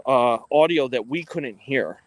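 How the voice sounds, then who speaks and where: A man's voice: medium pitch, a little slow, no echo, low-quality recording. Rambling man chatting on a livestream. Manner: rambling, lots of ums and restarts. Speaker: co-host of a ghost-hunting livestream. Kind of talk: casual livestream chat. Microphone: phone.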